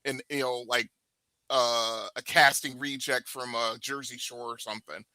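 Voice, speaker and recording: A man co-hosting a casual gaming chat show, laughing easily and telling a story in quick asides. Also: medium pitch, steady tone, bright, forceful tone, no room sound. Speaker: podcast co-host and dungeon master.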